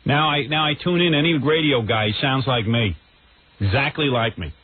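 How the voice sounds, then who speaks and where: A man's voice: mid-range voice, moderate pace, breathy edge. A man hosting a radio show, ranting in a brash, combative way. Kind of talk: radio rant. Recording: tinny phone-like radio recording.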